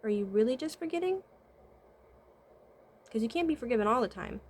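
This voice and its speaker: A woman's voice: a little high, lively intonation, brisk, darkish tone. A woman vlogger talking casually to camera and giving life advice. She asks rhetorical questions, checks in with "right?", and hums "mm-hmm" as she thinks. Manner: hums "mm-hmm" often while thinking aloud. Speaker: vlogger and spiritual consultant.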